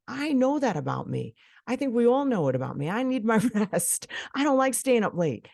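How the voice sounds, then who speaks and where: A woman's voice: a little high, very animated, normal speed, vocal fry, hardly any pauses, a little mellow, no room sound, clean studio sound. A middle-aged woman hosting a solo podcast, speaking frankly and swearing casually. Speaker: podcast host.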